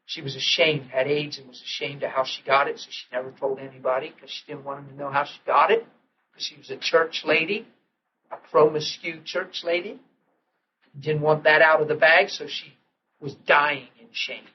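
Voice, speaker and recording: A middle-aged man delivers a sermon as a story, acting out the voices of the people in it. His voice sits high for a man. The old recording is dull and muffled, with faint hiss underneath. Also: normal speed. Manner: animated storytelling, acting out quotes, laughing. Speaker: preacher.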